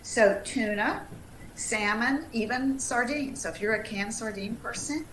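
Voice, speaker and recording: A woman's voice: on the high side, unhurried, fairly bright tone, echoey room, a little hiss or hum, low-quality recording. A woman from Tennessee with a Southern accent, a dietitian giving upbeat, chatty advice and laughing often. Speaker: dietitian, featured speaker. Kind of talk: casual livestream talk.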